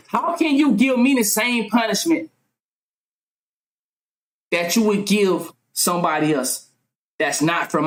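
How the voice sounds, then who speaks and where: A woman with a high voice speaks in a fervent, impassioned monologue, firing off rhetorical questions and at times yelling. She swears freely as she argues. The sound carries a roomy echo. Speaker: vlogger.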